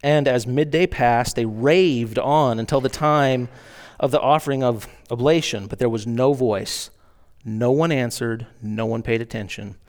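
A man's voice: mid-range voice, measured pace. A man preaching a sermon, reading scripture aloud and explaining it in asides, acting out mocking lines with rising emphasis.

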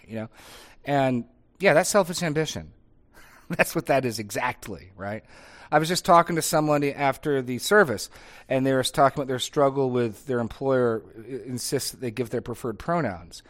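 Middle-aged man in casual discussion. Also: mid-range voice. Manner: conversational, frequent tag questions and restarts.

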